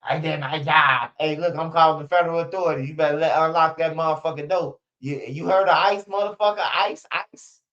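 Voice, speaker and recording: Young dude ranting on his stream, kinda high voice, cussing a lot, muffled lo-fi audio. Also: steady tone, quick pace, hardly any pauses, pushed and bright. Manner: loose, profane, repetitive street slang. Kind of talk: casual rant to viewers.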